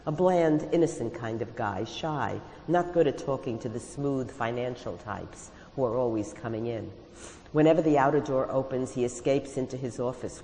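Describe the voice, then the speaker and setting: A woman author reading her own first-person stories aloud with a wry, confiding manner, pausing to explain them. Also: rumbling low, warm tone, in a large hall, slight background noise, low-quality recording.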